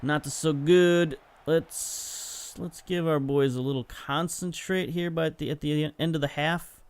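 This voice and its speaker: A young man giving casual, chatty play-by-play commentary over highlights from a football management game, getting excited at chances and correcting himself as he goes. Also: measured pace, clear, resonant tone. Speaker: gaming video host.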